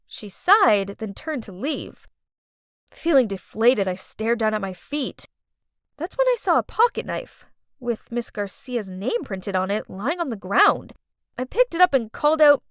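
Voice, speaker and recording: A woman narrating an animated story in the first person, expressive and dramatic. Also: a little high, moderate pace, dry recording, studio quality.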